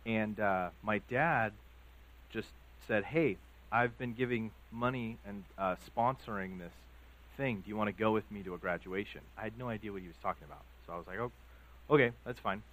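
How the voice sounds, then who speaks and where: Male pastor, lowish voice, easygoing preaching with lots of ums and story asides. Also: normal speed, fairly bright tone, poor audio. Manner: conversational storytelling, many fillers. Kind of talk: sermon.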